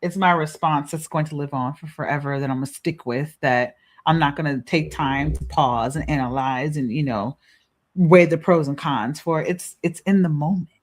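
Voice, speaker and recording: A woman hosting a reflective podcast conversation over a remote call, asking gentle, probing questions and laughing easily. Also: deep voice, normal speed. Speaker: podcast host. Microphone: remote video call.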